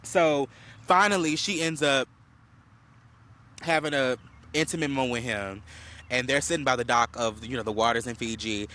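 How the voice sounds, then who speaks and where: On a podcast, a male co-host with a medium-pitched voice recaps a reality show at a moderate pace, with long pauses. He's a lively storyteller, performing quotes, using many fillers, and coughing slightly.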